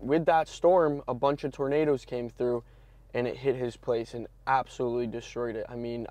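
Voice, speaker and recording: A man's voice: medium pitch, a little mellow, no room sound. A man from Florida filming outdoors after a storm, talking straight to his viewers in an amazed, exclaiming way. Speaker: vlogger. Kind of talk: on-location vlog commentary. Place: outdoors at home and around town after a storm.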